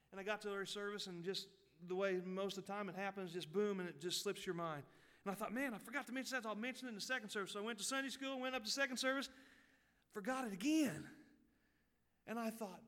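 A man tells a story from the pulpit in a high, bright, ringing voice. He drifts into hushed asides, then climbs into loud, fervent peaks. The sound carries the long reverb of a big church hall. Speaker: pastor. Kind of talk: sermon storytelling.

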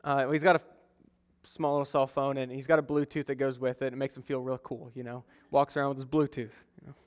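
A man's voice: mid-range voice, little pitch movement, brisk. A young adult man preaching a conversational sermon as a pastor, telling stories and acting out quotes. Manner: conversational, storytelling with acted-out quotes. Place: church sanctuary. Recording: long reverb of a church hall.

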